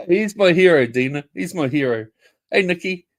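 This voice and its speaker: A man's voice: sits high, lively intonation, moderate pace. A man ranting confrontationally on a casual livestream, swearing and repeating himself. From New Zealand.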